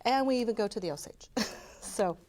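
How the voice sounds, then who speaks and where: A woman's voice: a little high, expressive, fairly quick, a little mellow. A woman giving a passionate, earnest community talk to a live audience and answering their questions. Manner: earnest, passionate, talks openly. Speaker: community presenter.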